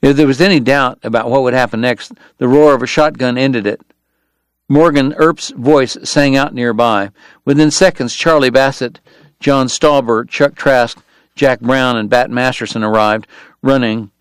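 Steady male audiobook narrator, dry sound. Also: mid-range voice, normal speed, clean tone, no room sound. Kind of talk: scripted narration.

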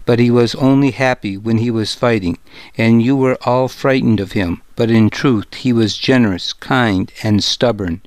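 A man voicing a fierce, devoted noblewoman in an audiobook, speaking softly, slowly and firmly. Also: mid-range voice, no echo, close to an everyday voice. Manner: soft, slow, firm.

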